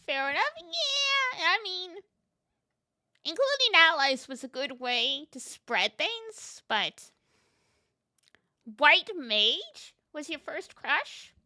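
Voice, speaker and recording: A woman's voice: sits high, big pitch swings, slow pace, sharp tone, no room sound. A woman game streamer in casual chat, talking to her viewers, laughing often and answering chat as she plays.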